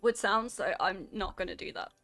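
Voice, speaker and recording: A woman streaming a game and chatting casually with her viewers, animated and quick to react. Her voice is bright and sharp with a gravelly fry running through it. Faint game music plays underneath. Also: medium pitch. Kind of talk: casual gameplay chat with chat.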